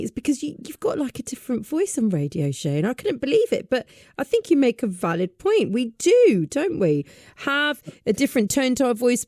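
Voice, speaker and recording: A woman's voice: mid-range voice, dark tone, no echo, clean studio sound. A woman hosting a radio show, chatty and encouraging as she interviews a guest. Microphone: studio microphone.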